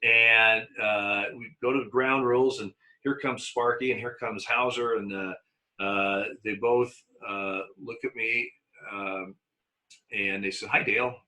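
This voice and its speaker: Brief: man, former umpire guest, very bright tone, slightly low pitch, animated storyteller who stumbles and restarts. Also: a little slow, rough recording. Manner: animated anecdotes with many restarts and acted-out quotes. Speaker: retired baseball umpire guest. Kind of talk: storytelling in a conversational interview.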